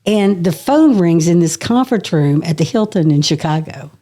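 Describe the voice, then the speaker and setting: Middle-aged woman, kinda low voice, chatty storyteller, laughs a lot, swears a bit. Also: moderate pace. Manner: lively anecdotal storyteller, laughing often and swearing. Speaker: podcast guest. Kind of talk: casual storytelling.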